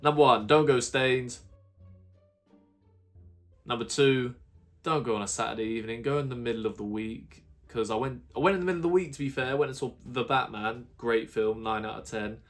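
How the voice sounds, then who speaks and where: A man's voice: mid-range voice, moderate pace, faint music behind. Sweary man ranting on camera. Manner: sweary, exasperated storytelling. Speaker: YouTuber. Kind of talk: ranting vlog monologue.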